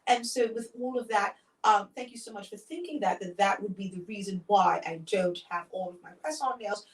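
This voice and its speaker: A woman's voice: mid-range voice, brisk. Wry woman storyteller, roomy and distant. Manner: dramatic, wry, repeats a catchphrase. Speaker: host. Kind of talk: casual storytelling chat.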